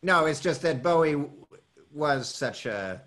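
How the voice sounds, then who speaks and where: A man's voice: on the high side, animated, measured pace, fairly bright tone. A man guesting on an interview show as a voice actor, chatting casually in a rambling way with frequent laughs.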